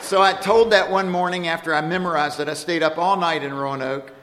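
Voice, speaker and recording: A man's voice: on the high side, steady tone, fairly quick, crowd noise, noisy background. A man preaching a storytelling sermon in a church, playful and laughing at his own jokes. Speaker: guest preacher. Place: church sanctuary. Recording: echoey church hall.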